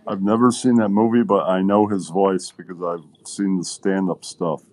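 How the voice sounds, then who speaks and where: Brief: stoned mellow guy, low pitch, casual drawl, dry mic. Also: fairly even intonation, moderate pace, no room sound. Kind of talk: casual chat.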